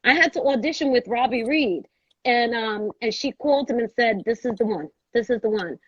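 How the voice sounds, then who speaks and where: A woman's voice: a little high, moderate pace, breathy edge, no echo. A woman tells a story in a slightly raised voice, slipping into the voices of the people she quotes. The sound is dry and a little dull. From Brooklyn, New York. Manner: lively storyteller who acts out quoted voices. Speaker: guest, actress. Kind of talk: storytelling conversation.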